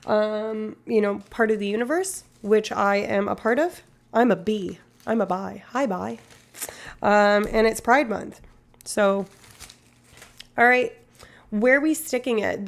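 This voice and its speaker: Gravelly-voiced woman streamer, rambling chat. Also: mid-range voice. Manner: rambling, chatty, swears casually. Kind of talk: casual live stream chat.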